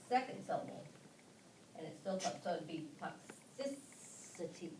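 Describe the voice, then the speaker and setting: A woman leading a phonics lesson for teachers, patient and questioning as she walks through each step. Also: on the low side. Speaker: teacher trainer. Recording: echoey room from far off, background noise.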